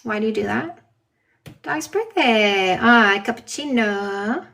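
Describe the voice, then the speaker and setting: A woman's voice: on the high side, animated, slow pace, vocal fry, bright, forceful tone. A woman dating coach from Canada, chatting casually on a livestream from her backyard garden and bluntly mocking trolls. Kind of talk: casual live-stream chat. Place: outdoors in a backyard garden with a patio.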